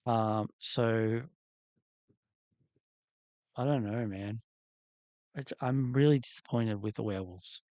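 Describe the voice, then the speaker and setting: A man's voice: lowish voice, steady tone, slow, long pauses, darkish tone, no room sound, lo-fi sound. A man hosting a livestream, chatting casually in a rambling, candid way while he works on a doll. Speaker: livestream host.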